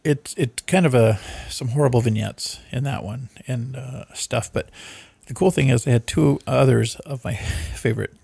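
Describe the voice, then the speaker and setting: A man's voice: medium pitch, moderate pace, gravelly, few pauses, husky, no echo. A man hosting a casual podcast, rambling and swearing as he retells movie plots. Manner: rambling, profane, animated storyteller. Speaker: podcast host.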